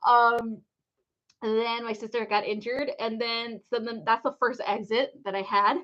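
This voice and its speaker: A woman's voice: fairly high pitch, level tone, normal speed, a bit bright, highs cut off. A woman hosting a live psychic reading stream, telling rambling stories in casual chat, laughing often and swearing freely.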